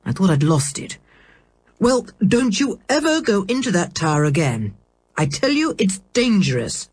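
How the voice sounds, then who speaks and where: A woman reading a storybook, voicing an absent-minded, irritable middle-aged male scientist who is vague and quick to anger. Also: high-pitched, big pitch swings, husky, heavily acted. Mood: furious. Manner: vague, then sharply cross.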